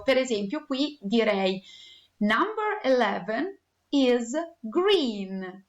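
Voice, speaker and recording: A woman who speaks natively, teaching English words to young children slowly and clearly. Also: on the high side, reverberant, dull audio. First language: Italian. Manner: slow, clear, deliberate naming. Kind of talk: recorded listening lesson.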